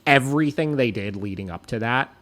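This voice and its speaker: A young man casually telling a story as a dog-training podcast host, animated and swearing often. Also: brisk. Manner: animated, swears often, mimics people in high voices.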